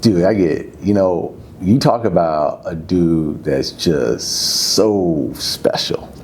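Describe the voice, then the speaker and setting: Speaking slowly, a fiftysomething ex-footballer recounts stories in a frank, easygoing interview, his pitch shooting up when he's excited. Slight background noise can be heard.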